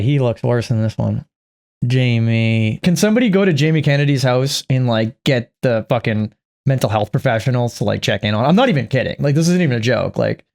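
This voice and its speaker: A man's voice: mid-range voice, sing-song, fairly quick, creaky, a little mellow. A man hosting a reaction video, giving sarcastic commentary that is full of swearing. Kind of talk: casual commentary.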